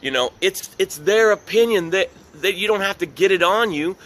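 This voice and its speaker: Bright, emphatic middle-aged man coaching. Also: high-pitched, moderate pace. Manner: earnest and emphatic, repeats key phrases. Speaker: business coach. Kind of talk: motivational talk.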